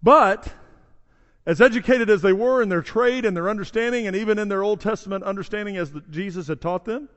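A man's voice: high-pitched, big-room sound, dull audio. A man preaching a sermon in a conversational way, acting out the voices of bystanders in the story. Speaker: pastor. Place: church sanctuary.

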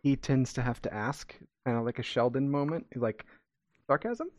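A man co-hosting a podcast chats loosely and laughs often, his sentences looping back on themselves. His voice sits at an ordinary middle pitch. The sound is dry and close, with no room echo. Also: steady tone, normal speed, darkish tone. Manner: laughs often, rambling restarts. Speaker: podcast co-host and parent. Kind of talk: casual chat.

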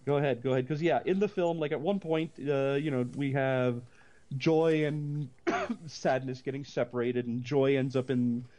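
A man, possibly middle-aged, co-hosting a casual movie chat, rambling with many restarts and breaking into animated rants. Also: mid-range voice, normal speed. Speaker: podcast co-host.

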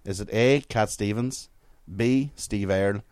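A man with a lowish voice, reading quiz questions aloud and trading laughs and swears with his co-host. The sound is dry and close, with no room around it. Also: unhurried, darkish tone, clean tone, dry recording. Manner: swearing, laughing, joking banter.

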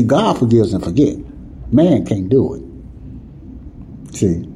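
A man's voice: medium pitch, dark tone, a little hiss or hum, poor audio. A man teaching the Bible in an emphatic, conversational preaching style, often checking that listeners follow. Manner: repeats "you see what I'm saying?" to listeners.

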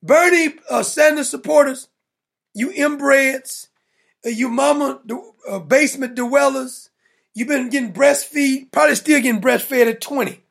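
A man's voice: very high-pitched, unhurried, gravelly, fairly bright tone. A man hosting a political talk show, ranting in an emphatic, mocking, blunt way. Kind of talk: opinionated political rant.

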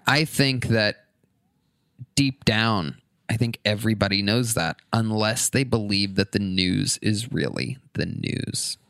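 A man talks loosely on a podcast, swearing freely and joking as he spins a story. His voice is bright and forward, and the close mic keeps it dry. Mid pitch, with quick bursts of energy. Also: clean tone, dry recording. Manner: profane, animated, joking. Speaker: podcast guest. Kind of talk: casual chat, storytelling.

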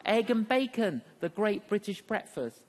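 A preacher voicing an excited little chicken in a joke within a sermon, high and giddy. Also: unhurried. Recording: long reverb of a large hall.

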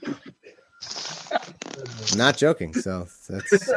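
A man's voice: fairly low pitch, very animated, extremely slow, noisy background. A man hosting his own podcast, chatting casually with listeners, laughing often and swearing freely in a self-mocking way. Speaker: podcast host.

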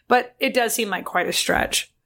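A woman's voice: fairly high pitch, moderate pace, fairly bright tone. A woman co-hosting a true crime podcast, chatting casually and thinking aloud with fillers and restarts. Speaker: podcast co-host.

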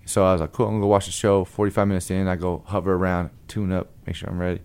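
A man from Long Beach, California, a blues guitarist, telling a story in a lively way and acting out the people in it. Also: low-pitched, rapid-fire, clear, resonant tone. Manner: lively, acts out the other people in his stories. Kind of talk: animated storytelling.

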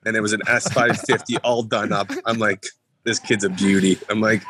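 A man, a former hockey player, talking in a halting podcast chat full of fillers and restarts. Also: fairly low pitch, fairly even intonation, noisy background. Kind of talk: casual podcast talk.

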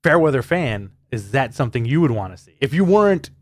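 A man co-hosting a wrestling podcast with a mid-pitched voice, recorded close on a dry mic. He keeps the talk moving with questions and agrees and laughs along readily. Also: big pitch swings, a little fast, dry recording. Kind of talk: casual chat.

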